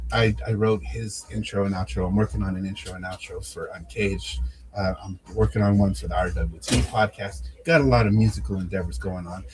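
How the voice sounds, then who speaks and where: A man with a fairly low voice talks in a relaxed, rambling podcast manner. He leans on fillers and restarts as he plugs his projects, dropping a joking swear now and then. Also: rough recording. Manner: laid-back, plugging projects, many fillers, swears jokingly. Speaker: podcast co-host and promo wrestler. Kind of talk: casual podcast chat.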